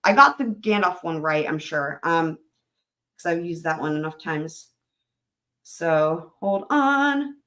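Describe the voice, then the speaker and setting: A woman's voice: deep voice, animated, slow, sharp tone. A woman hosting a live stream in casual chat, rambling, laughing often and reading comments aloud.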